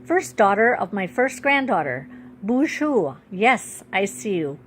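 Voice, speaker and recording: A very old, wise great-grandfather speaks gently and calmly, read aloud by a woman. His words come slowly and reassuringly, like a bedtime storybook. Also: medium pitch, slight background noise. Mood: gentle reassuring. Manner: slow, soothing, reassuring speech.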